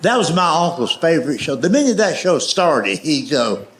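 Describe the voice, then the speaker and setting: A man telling folksy stories on a comedy stage in a drawling, deadpan way. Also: fairly high pitch, normal speed. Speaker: stand-up comedian. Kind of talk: stand-up storytelling. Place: comedy stage before a live audience. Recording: echoey live venue.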